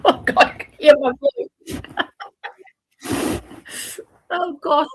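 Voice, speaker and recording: A woman's voice: very high-pitched, sing-song, drawn-out words, pauses often, pushed and bright. An older woman hosting a live stream, chatting casually and rambling to herself while she waits for others.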